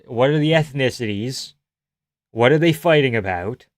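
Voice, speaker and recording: A man's voice: medium pitch, lively intonation, moderate pace, no echo. Profane, rambling male streamer, dry sound. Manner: loose, profane, rambling with frequent laughs. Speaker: streamer reading chat. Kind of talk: casual live-stream commentary.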